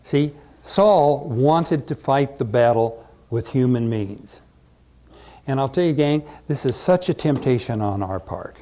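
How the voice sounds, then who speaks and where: Lively, emphatic male preacher. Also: mid-range voice, a little slow. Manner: emphatic, repeats rhetorical questions. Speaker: pastor. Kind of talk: sermon.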